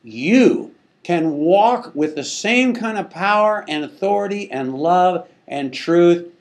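A high-voiced male Bible teacher preaches at an unhurried pace. He talks conversationally and emphatically, often stopping to ask rhetorical questions. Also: expressive. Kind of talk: sermon.

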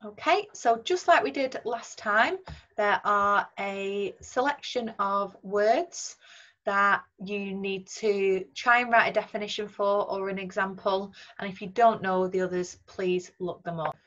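A woman teacher with a Northern English accent, talking students through a recorded lesson in a clear, patient way with frequent ums. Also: medium pitch, measured pace, fairly bright tone, lo-fi sound. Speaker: secondary school English teacher. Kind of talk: recorded remote lesson talk over slides.

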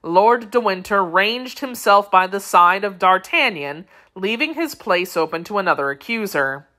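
Bright, dramatic female audiobook narrator. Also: medium pitch, animated, moderate pace. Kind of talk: classic novel audiobook narration.

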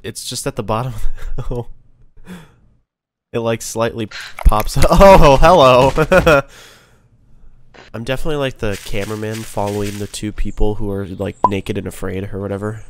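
A young man chatting over a headset while gaming, giggly and teasing in an unhurried way. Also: fairly low pitch, fairly even intonation, slight background noise. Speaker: gamer. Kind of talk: casual gaming chat.

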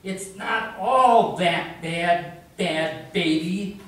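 Man doing a sardonic bodiless cosmic voice, emphatic and scolding, slow, distant echo. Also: high voice, a bit bright, exaggerated voice. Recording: echoey room heard from far off.

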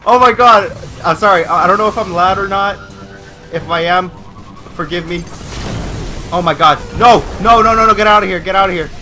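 A young man hosting a gaming channel, giving excitable live commentary with yelps and repeated cries of no. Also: high-pitched, fairly quick, over music.

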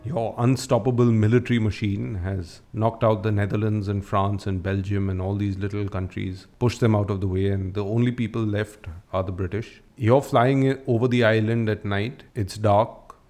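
A man's voice: lowish voice, fairly even intonation, moderate pace, few pauses, darkish tone. A man hosting a podcast, telling a history story in a chatty, casual way with frequent restarts and asides. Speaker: podcast host.

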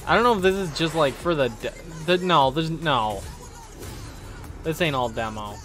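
A man's voice: fairly high pitch, expressive, fairly bright tone, soft background music. A sleepy man streaming a live reaction to a game showcase, thinking aloud and trailing off mid-sentence. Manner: thinks aloud, drowsy and unhurried, trailing off and restarting. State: sleepy, yawning. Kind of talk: casual live reaction commentary.

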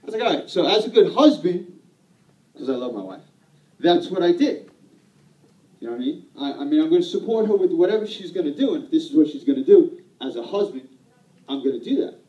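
A man's voice: a little high, lively intonation, a little fast, warm tone, reverberant, recorded from a distance, muffled recording. A man telling a personal story to an audience at an event, self-deprecating and rambling, laughing often. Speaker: speaker at a sales event.

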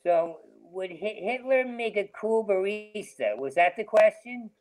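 A man's voice: high voice, expressive, a little slow, a little mellow, poor audio. A male comedian riffing in a rambling stream of consciousness, with heavy stammering and sudden jumps between topics. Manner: heavy stammering, repeats sounds and words. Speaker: comedian guest.

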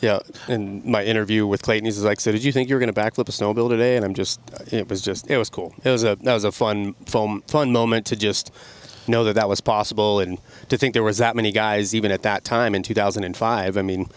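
Middle-aged guy with a smooth clear voice, animated storytelling, chatty podcast guest. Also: lowish voice, fast talker, hardly any pauses. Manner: animated, excited storytelling with laughs. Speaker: podcast guest, snowmobile rider. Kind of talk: casual storytelling.

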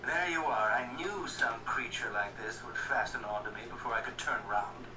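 A man's voice: medium pitch, normal speed, noisy background, lightly acted. A man playing a brash, impatient young man who talks bluntly and scornfully. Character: brash young merchant's son, rough, impatient. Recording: roomy echo, distant mic, music behind.

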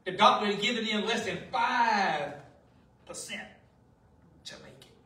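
High-voiced shouting pastor in an echoey church. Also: male voice, expressive, a little slow. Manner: shouting, impassioned, drops to hushed storytelling. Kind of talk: Pentecostal sermon. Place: church sanctuary. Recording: very echoey room, distant mic.

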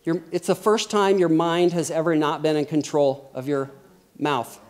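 A middle-aged man preaching a sermon in a lively, conversational way, often acting out quotes. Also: on the high side, moderate pace.

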